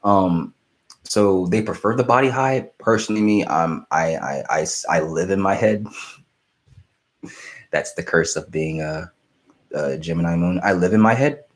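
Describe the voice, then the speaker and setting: Young man, very low voice, live-stream host, rambling casual chat, lots of ums. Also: unhurried. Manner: relaxed, rambling, many fillers and restarts, laughs easily. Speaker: live stream host answering viewer questions.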